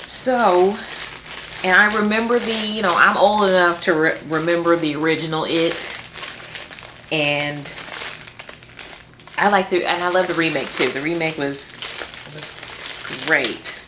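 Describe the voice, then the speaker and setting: A woman hosts a book vlog, chatting casually to the camera with playful, exasperated humor and frequent laughter. Her voice is fairly low and steady, and she speaks unhurriedly, pausing often, against a noisy background.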